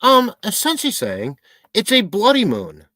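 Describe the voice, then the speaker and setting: Brief: male streamer, rambling and jokey, lively pitch, dry close sound. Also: takes it slowly, dry recording. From Michigan, USA. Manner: rambling, joking, talks to his pet. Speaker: live stream host. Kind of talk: casual live-stream chat reading comments.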